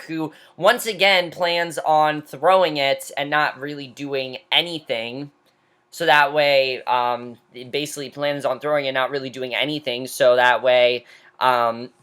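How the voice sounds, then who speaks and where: A woman's voice: very deep voice, fairly bright tone. A woman giving an opinionated, casual recap of a reality show, talking freely with lots of fillers and restarts.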